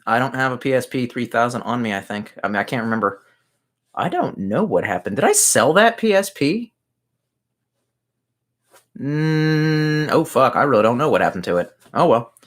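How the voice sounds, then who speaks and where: A man's voice: mid-range voice, expressive, normal speed, a bit bright. Rambling, profane male streamer. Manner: rambling and profane, often muttering asides. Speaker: livestreamer reading chat comments. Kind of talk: casual livestream chat. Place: his messy room at home.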